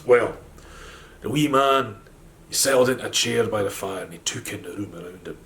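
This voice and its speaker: A man with a Scottish accent telling a folk tale in a gentle, animated storytelling manner. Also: lowish voice, moderate pace. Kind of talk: storytelling narration.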